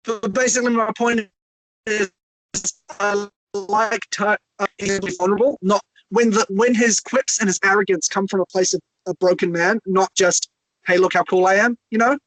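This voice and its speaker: A man in a casual film discussion, sharing opinions and thinking aloud with pauses over a video call. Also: high voice, fairly even intonation, a bit bright, dry recording, low-quality recording. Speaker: panelist.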